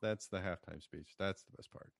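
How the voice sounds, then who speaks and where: A man's voice: deep voice, steady tone, moderate pace, gravelly, no room sound, clean studio sound. A man co-hosting a podcast, chatting casually and reciting movie quotes with gusto. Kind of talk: casual chat.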